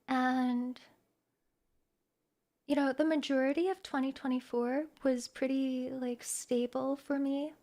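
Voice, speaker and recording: A woman streamer talks to her viewers in a soft, reflective way. Her voice sits high. She hesitates and restarts her phrases often. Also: fairly even intonation, slow, long pauses. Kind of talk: personal talk to viewers.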